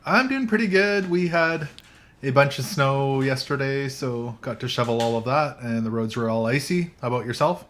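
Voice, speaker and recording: A man's voice: medium pitch, normal speed, fairly bright tone, a little hiss or hum. Guy hosting a tech chat in a coffee shop, jokey, laughs a lot. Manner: laughs often, chatty and joking. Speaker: podcast host. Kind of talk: casual chat.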